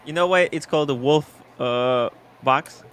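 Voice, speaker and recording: A man's voice: fairly high pitch, measured pace, fairly bright tone, a little hiss or hum. A man in casual chat, joking and playful.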